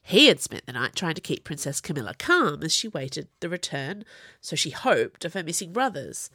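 Woman narrator, audiobook reading, lively melodic delivery, lowish voice, dry close sound. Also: moderate pace, husky, no echo.

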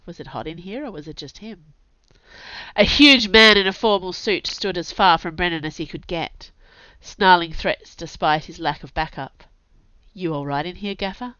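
Low-voiced woman narrating an audiobook. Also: moderate pace, sharp tone. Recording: dull lo-fi dry recording.

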